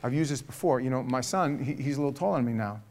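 A middle-aged man leading a casual parenting talk to a group, telling stories in a lively, animated way. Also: medium pitch, fast talker.

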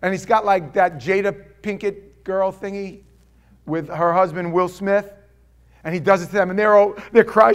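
A man in his forties preaching a sermon, animated, swinging from loud exclamations to hushed asides and acting out quotes. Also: high voice, normal speed, clear, resonant tone. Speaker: pastor.

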